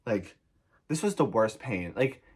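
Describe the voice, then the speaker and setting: A young man from New Jersey telling a frantic, profane storytime in a rambling, animated way. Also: on the low side, measured pace, slightly rough. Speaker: vlogger. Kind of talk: storytime vlog.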